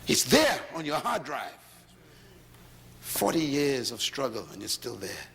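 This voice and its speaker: Brief: Bahamian man preaching, lively swooping delivery, bright voice, big echoing hall. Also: medium pitch, a little slow, gravelly. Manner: animated storytelling, rising to shouts. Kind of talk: sermon. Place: large hall before a congregation.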